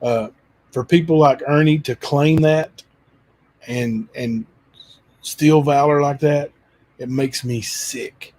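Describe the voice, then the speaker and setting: A man's voice: a little high, steady tone, slow pace, pauses often, a little mellow. A man hosting his own livestream channel, chatting loosely with frequent fillers. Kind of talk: casual chat.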